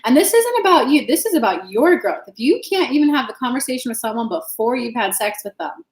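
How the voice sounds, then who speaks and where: A woman's voice: on the high side, big pitch swings, brisk, echoey room, poor audio. A woman hosting a live stream as an intuitive reader, giving frank, casual advice and answering viewers' questions by name, swearing now and then.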